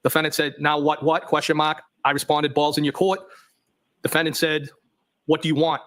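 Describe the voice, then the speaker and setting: A man on the witness stand reads out a chain of text messages, calling out every question mark along the way. His voice sits a bit high for a man. He delivers it plainly, in a courtroom. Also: little pitch movement, moderate pace, a bit bright. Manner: reads plainly, voicing punctuation marks. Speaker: trial witness.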